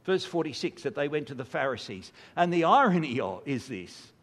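A man's voice: on the high side, big pitch swings, normal speed, fairly bright tone. A man preaching a sermon, acting out quotes in a dramatic way with big swings of voice. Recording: long hall reverb.

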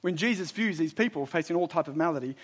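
A fairly high-pitched man delivers a sermon with real conviction. He drives his points home hard, then drops low and intense, and slips easily into casual, chatty storytelling between passages. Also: animated, fast. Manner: emphatic, swings from loud exhortation to low intensity; conversational storytelling asides. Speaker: preacher.

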